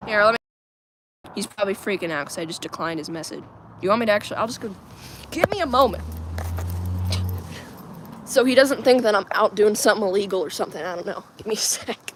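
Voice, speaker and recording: A woman's voice: mid-range voice, animated, fairly quick, long pauses, background noise. A woman livestreaming from home on her phone, chatting casually with viewers, reading their comments aloud and laughing often. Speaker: livestream host.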